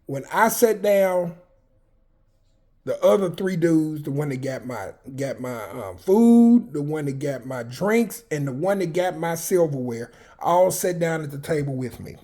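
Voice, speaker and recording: A man in his fifties tells his own prison stories in a candid, unfiltered way, with swearing and a rambling flow. His voice sits a bit higher than most men's. He circles back often, padding his talk with "um" and restarting sentences. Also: expressive, unhurried, mellow. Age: 50s. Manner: blunt, profane, rambling with frequent fillers and restarts. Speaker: vlogger telling personal prison stories. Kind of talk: candid personal storytelling.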